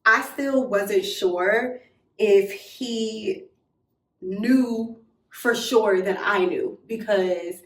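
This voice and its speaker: A young woman telling a personal story in a casual, animated way, blunt and swearing freely. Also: mid-range voice, extremely slow, distant mic. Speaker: storytime vlogger. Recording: roomy echo, a little off mic.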